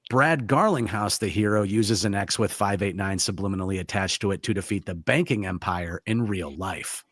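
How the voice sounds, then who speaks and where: A man's voice: lowish voice, normal speed, a bit bright, no room sound, studio quality. A man narrating a scripted theory segment in a dramatic, persuasive way. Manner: dramatic, building a conspiracy case.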